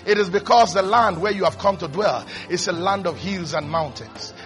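A man preaching with a high, bright voice that rings out. He delivers an animated sermon, dropping to hushed tones and then rising to shouts, over faint music. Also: normal speed. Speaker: pastor. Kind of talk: energetic televised sermon.

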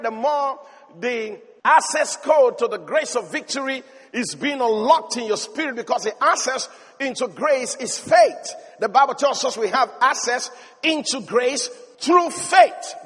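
A high-pitched male preacher delivers a fervent sermon. He moves between loud, urgent calls to the congregation and quieter, lower storytelling. His voice rings with the long reverb of a large hall. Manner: passionate, swinging between loud exhortation and low storytelling. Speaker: pastor.

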